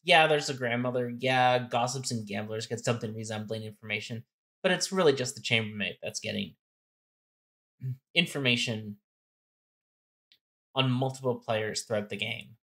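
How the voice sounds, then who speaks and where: A man's voice: mid-range voice, moderate pace, long pauses, fairly bright tone. A man co-hosting a casual game-strategy talk, explaining step by step and thinking aloud with restarts. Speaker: co-host.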